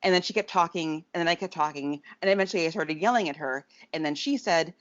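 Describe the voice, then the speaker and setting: A woman's voice: on the low side, brisk. A woman co-hosting a podcast, telling a story casually and acting out the people she quotes. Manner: animated, acts out quoted voices. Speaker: podcast co-host. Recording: dull dry podcast recording.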